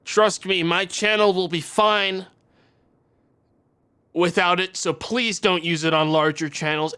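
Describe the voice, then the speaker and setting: A man's voice: sits high, moderate pace, bright, forceful tone. A man streaming live, ranting with exasperation and heavy swearing to his chat. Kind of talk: angry live-stream rant.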